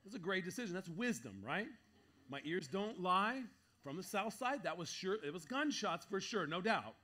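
A man preaching to a congregation, telling a story in an animated way, acting out voices and laughing between lines. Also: sits high, normal speed. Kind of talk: sermon storytelling.

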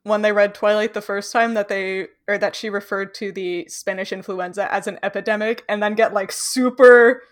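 A woman's voice: mid-range voice, fairly even intonation, normal speed, hardly any pauses. A young woman from Canada in casual chat, chatty, explaining at length and laughing often.

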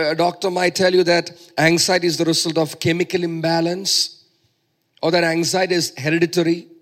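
A man's voice: on the high side, fairly bright tone. A man preaching a sermon, emphatic and repeating phrases for stress.

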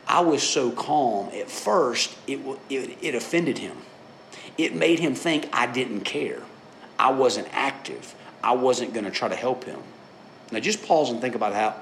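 A man's voice: fairly low pitch, fairly bright tone, slight background noise. A middle-aged man preaching a sermon in a conversational, storytelling way, often checking in with his listeners. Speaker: pastor.

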